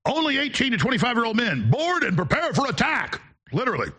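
A man hosting a call-in talk show, delivering a sarcastic rant with shouted outbursts. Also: very high-pitched, huge pitch swings, fast talker, slightly rough. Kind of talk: ranting call-in show monologue.

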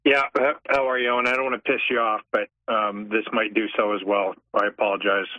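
A man's voice: fairly low pitch, flat delivery, brisk. A man from Pennsylvania calling into a radio show, apologetic and a bit hesitant as he passes on news. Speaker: caller. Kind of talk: call-in radio conversation. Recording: tinny phone line.

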